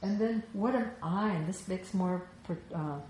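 A woman's voice: mid-range voice, moderate pace, darkish tone. A woman teaching Vedanta philosophy in a reflective, conversational way, often checking in with "you know". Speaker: spiritual teacher. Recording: echoey room with faint ambient noise.

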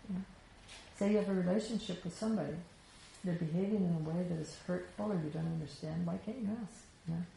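A woman with a low, gravelly voice gives a spiritual teaching in an easy, conversational way and keeps checking in with her listeners. She is recorded in an echoey room with a faint hum of ambience behind her. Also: fast, dark tone. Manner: reflective, conversational, frequent "you know". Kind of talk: Vedanta teaching talk.

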